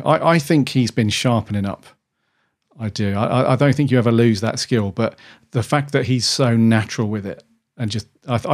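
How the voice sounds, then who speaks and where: A man's voice: medium pitch, a little mellow. A man co-hosting a podcast in casual chat, rambling enthusiastically with frequent restarts. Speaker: podcast co-host.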